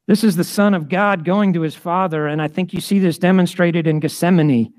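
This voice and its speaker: A man's voice: high-pitched, fairly even intonation, a little fast, a little mellow, no room sound. Man preaching a sermon. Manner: conversational, acts out prayers in varied voices. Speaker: pastor.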